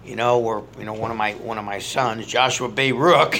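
A man's voice: fairly low pitch, level tone, fairly quick, noisy background. A middle-aged man, a pastor leading a Bible study sermon in a conversational way, reading scripture aloud with rising emphasis.

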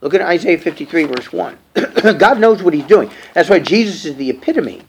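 A middle-aged male preacher teaching a verse-by-verse Bible sermon, reading scripture aloud and then explaining it in plain, halting talk. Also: gravelly, slight background noise. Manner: repeats and restarts phrases with fillers; lively, swooping pitch.

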